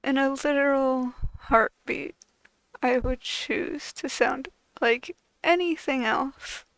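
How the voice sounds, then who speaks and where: Woman, high voice, gravelly fry, unhurried, bitter profane venting. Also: a bit bright, dry recording, rough recording. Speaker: channel host. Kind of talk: venting to camera.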